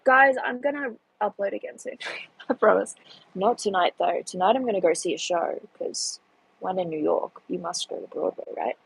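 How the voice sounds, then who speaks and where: A woman's voice: medium pitch, normal speed, vocal fry, husky, rough recording. A young woman, hosting a casual live stream and chatting through the chat with a self-deprecating manner. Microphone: phone.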